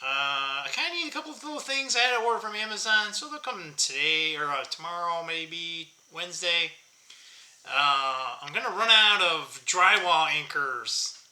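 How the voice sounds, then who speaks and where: A man's voice: fairly high pitch, expressive, moderate pace, sharp tone, echoey room. A man in his early fifties talking casually to his viewers, rambling and joking at himself. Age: 50s. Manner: rambling, jokey, self-mocking, laughs often. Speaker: channel host. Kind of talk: casual vlog chat.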